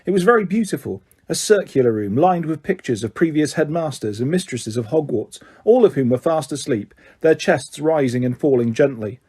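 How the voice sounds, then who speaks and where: A man narrating a fantasy audiobook in a steady storytelling manner. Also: on the high side, normal speed, hardly any pauses, husky.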